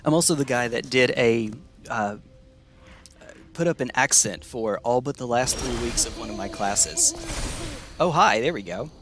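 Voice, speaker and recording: A man's voice: medium pitch, expressive, unhurried, long pauses, a bit bright, a little hiss or hum. A young man from the United States chatting casually with his stream chat while playing a card game, rambling and laughing often.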